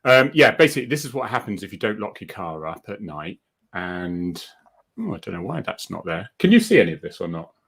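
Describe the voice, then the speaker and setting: A man's voice: sits low, big pitch swings, brisk, gravelly, a bit bright, husky. A man hosting a casual live video chat, chatty and self-deprecating and laughing often. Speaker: host.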